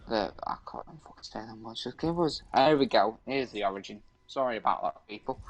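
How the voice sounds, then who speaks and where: A man's voice: fairly low pitch, a little fast, hardly any pauses, poor audio. Easygoing young man, stumbling reader. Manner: stumbles over words while reading, chatty and easygoing. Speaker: podcast co-host. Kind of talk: casual gaming chat and stumbling read-aloud storytelling.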